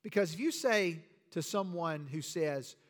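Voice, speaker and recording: A man's voice: on the high side, expressive, unhurried. A man preaching a sermon to his church with emphatic, rhetorical delivery. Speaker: pastor.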